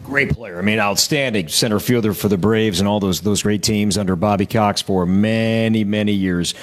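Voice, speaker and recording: A man's voice: fairly low pitch, moderate pace. A man hosting a broadcast interview, prompting his guest with friendly questions. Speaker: host, interviewer.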